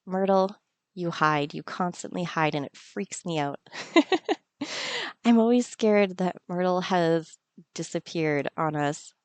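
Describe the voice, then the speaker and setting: A woman's voice: fairly low pitch, very animated, slow pace, no room sound. Giggly woman playing a cozy game. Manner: playful, giggly, talks to the game. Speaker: gaming channel host. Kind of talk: casual let's-play commentary.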